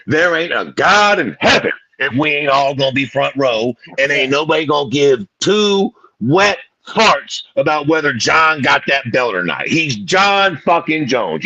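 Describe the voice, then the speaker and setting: A man's voice: on the high side, pushed and bright, no echo, dull audio. A man co-hosting a sports podcast, ranting emphatically and cursing freely in casual chat. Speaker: podcast co-host.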